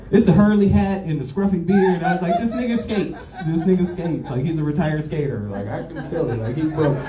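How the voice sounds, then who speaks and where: A man doing a stand-up comedy set, telling loud profane stories and bantering with the crowd. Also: on the high side. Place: comedy club. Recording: roomy club sound, distant mic, audience laughter. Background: audience laughing.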